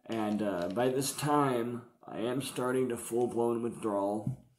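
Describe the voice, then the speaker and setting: Slow-talking man telling his story. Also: mid-range voice, a little mellow. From San Diego area. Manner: slangy, profane, confessional. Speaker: vlogger recounting addiction. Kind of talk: casual storytelling. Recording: roomy echo.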